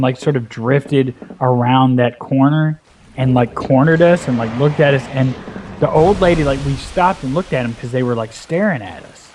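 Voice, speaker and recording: A young man casually telling a long, profane, animated anecdote as a gaming video host. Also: medium pitch, slight background noise. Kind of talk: casual storytelling chat.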